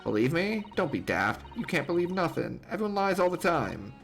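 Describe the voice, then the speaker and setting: A man's voice: on the high side, very animated, normal speed, creaky, soft background music, pitched above the performer's own voice. A man voicing a distrustful young girl thief with a put-on Cockney accent, defiant and slangy. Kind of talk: reading game dialogue aloud.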